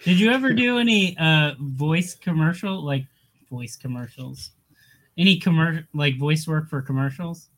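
A man's voice: on the high side, measured pace. A man with a somewhat raised voice hosts a casual podcast. He is playful and laughs easily while asking the questions.

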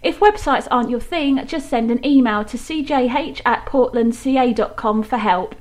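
High-voiced woman reading a podcast outro. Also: normal speed. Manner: upbeat, promotional. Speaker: show announcer. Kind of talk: scripted outro read.

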